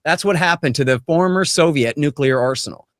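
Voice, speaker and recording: A man with a fairly high voice gives blunt, emphatic political commentary as an interview guest. He sounds opinionated and forceful. The recording is dry and close. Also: a little fast, no room sound.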